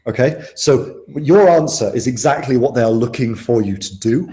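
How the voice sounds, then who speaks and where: A man's voice: mid-range voice, animated, normal speed, dark tone. Casual young man tutoring, roomy sound. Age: young adult. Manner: casual, chatty, asks students questions. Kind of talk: live online tutoring session.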